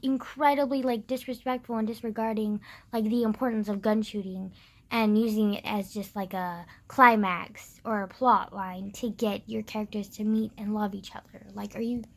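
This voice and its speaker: A woman's voice: medium pitch, fairly even intonation, normal speed. Exasperated young woman ranting, fillers throughout. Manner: exasperated, sarcastic, heavy use of "like", swears; mocks others in exaggerated put-on voices. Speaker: vlogger. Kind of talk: casual rant.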